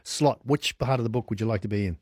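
A man's voice: fairly low pitch, fast talker, darkish tone, slightly rough, no echo, studio quality. A man hosting a radio phone-in quiz, chatty and upbeat, laughing easily with callers. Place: radio studio.

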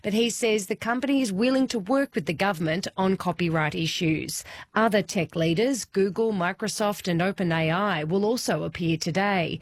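A woman narrating a scripted news report in an even, deliberate way. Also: mid-range voice.

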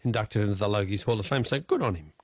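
A man's voice: on the low side, quick pace, darkish tone, breathy edge. A man with an Australian accent hosting a radio quiz, chatting casually and often restarting his sentences with fillers.

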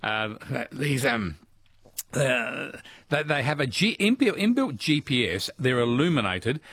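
A man's voice: mid-range voice, sing-song, unhurried, fairly bright tone, slightly rough. A man hosting a radio call-in quiz, chatty and teasing. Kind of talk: casual call-in quiz chat.

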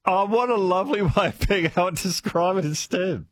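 A man's voice: high-pitched, a little fast. A man hosting talkback radio, chatting with callers in a laughing, friendly way. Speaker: radio host.

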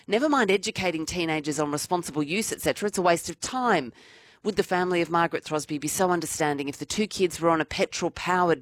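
A woman's voice: lowish voice, no room sound, clean studio sound. A woman hosting talkback radio in a chatty, conversational way, reading out listener messages.

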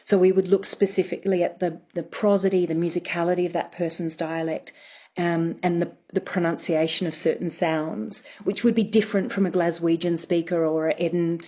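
A woman with a slightly low voice lays out her points one by one, like a teacher. She speaks as a patient expert guest on a radio show. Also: little pitch movement, a little fast, dark tone. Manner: clear, methodical, teacherly. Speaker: dialect coach.

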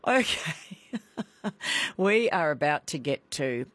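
A man with an Australian accent hosting a talkback radio show, chatty and quick to laugh. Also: on the high side, very animated, a bit bright, no echo. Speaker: radio host.

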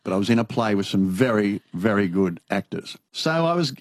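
An older Australian man, an interviewee, telling lively anecdotes and acting out the dialogue in them. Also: fairly low pitch, a little fast, no echo. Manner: animated anecdotal storyteller, acts out dialogue. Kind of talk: storytelling conversation.

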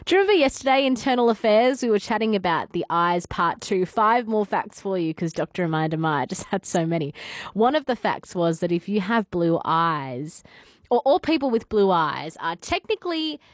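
A woman's voice: on the low side, animated, moderate pace, dry recording. A woman with an Australian accent hosting morning talkback radio in a studio, chatty as she reads out listener messages. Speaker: radio host.

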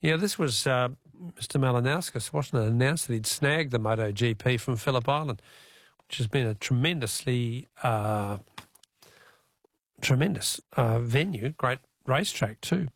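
An Australian man hosting a talkback radio quiz in an easygoing, chatty way, reading the questions out slowly from a studio. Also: mid-range voice, no echo. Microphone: studio microphone.

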